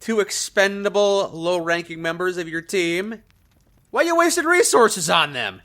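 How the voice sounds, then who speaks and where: A man's voice: high voice, lively intonation, a little slow, bright, forceful tone. A man commenting on his gameplay, joking sarcastically and playing his character aloud. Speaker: gaming video host.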